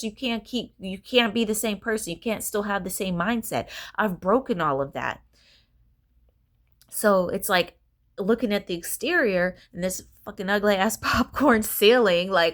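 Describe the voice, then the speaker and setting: A woman's voice: medium pitch, a bit bright. A woman gives a motivational talk straight to her viewers from a hotel room. She speaks emphatically and stacks repeated phrases for effect. She swears casually and keeps her talk loose and unscripted. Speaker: inspirational vlogger.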